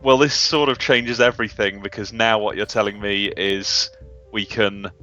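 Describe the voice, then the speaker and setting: A man's voice: lowish voice, fairly even intonation, moderate pace, bright, forceful tone. Man, casual gamer, talks it through thoughtfully; muffled voice chat, faint music behind. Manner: thoughtful, reasons things through at length.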